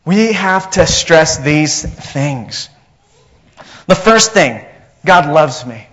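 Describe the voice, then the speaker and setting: A man's voice: a little high, lively intonation, very slow, fairly bright tone, muffled recording. A man preaching a sermon as pastor, emphatic and repetitive, asking the congregation questions.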